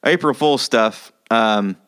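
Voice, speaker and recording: A man's voice: mid-range voice, slow, fairly bright tone, smooth. A man hosting a casual podcast, reacting to stories and steering the talk. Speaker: podcast host. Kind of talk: casual chat.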